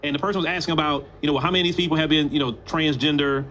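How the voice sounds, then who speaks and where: A man giving casual commentary, animated and talking straight to his audience. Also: fairly high pitch, racing, heavy background noise.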